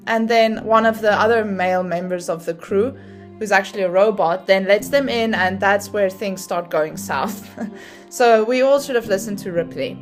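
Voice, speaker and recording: A woman's voice: medium pitch, normal speed, faint music behind. A woman hosting a podcast, explaining ideas in a chatty lecture style with fillers and little laughs at her own asides. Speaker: podcast host.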